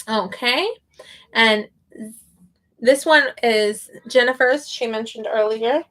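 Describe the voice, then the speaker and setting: A woman's voice: fairly high pitch, slow, long pauses, a bit bright. A woman teaching online, chatting casually and hesitantly as she sounds out names one at a time. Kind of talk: casual livestream chat.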